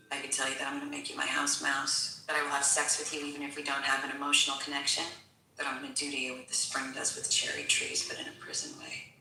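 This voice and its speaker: A woman prison inmate, menacing and raw, speaks in a low, tense voice. The clip sounds distant and echoey, with a faint hiss of noise behind it. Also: bright, forceful tone, full character voice. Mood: menacing taunt. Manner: taunting, intense, then confessional.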